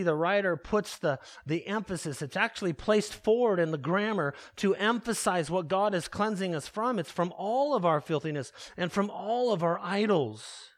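A man preaching a sermon, emphatic, asking the congregation rhetorical questions and slowing down to stress key words. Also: sits high. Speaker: pastor.

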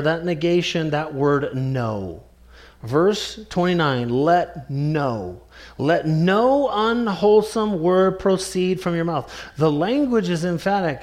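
A man preaching a sermon, earnest and emphatic, slowing down to stress key words. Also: fairly high pitch. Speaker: pastor.

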